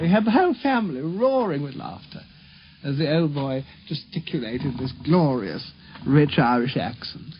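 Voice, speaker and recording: A man telling amused childhood memories in measured recollection, on a lo-fi 1950s radio recording. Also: fairly high pitch, animated, a little hiss or hum. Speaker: interviewee reminiscing. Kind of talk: spoken recollection.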